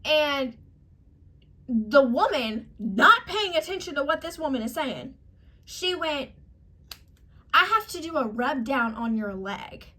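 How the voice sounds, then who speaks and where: A woman's voice: high-pitched, very animated, slow pace, long pauses, bright, forceful tone. A young woman vlogger telling an exasperated, emphatic story to camera, acting out the people she quotes. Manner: exasperated, emphatic, quoting others in acted voices. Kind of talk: casual storytime rant.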